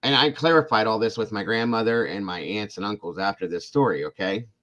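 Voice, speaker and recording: A man's voice: fairly low pitch, fairly quick, muffled recording. A man from Ohio, a podcast guest, telling a long story casually and acting out the people in it. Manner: rambling, animated, acts out the people in his stories.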